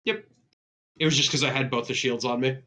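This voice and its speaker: A man's voice: medium pitch, fairly even intonation, a little fast, bright, forceful tone. A man chatting casually as a player, with dry offhand quips. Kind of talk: casual game chat.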